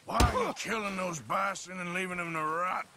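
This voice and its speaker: Game lead: a gruff outlaw, lively delivery, heavy background noise. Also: male voice, mid-range voice, a little slow. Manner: gruff, blunt. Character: rugged, blunt male outlaw. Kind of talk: video game voice acting.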